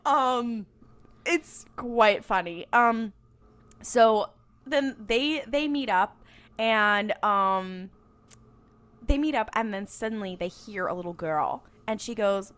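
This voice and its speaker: A woman with a slightly high voice recaps a TV episode on a podcast, casually and rambling. She fills her talk with "like" and "um" and laughs often between lines. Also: lively intonation, slow, fairly bright tone. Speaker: podcast co-host.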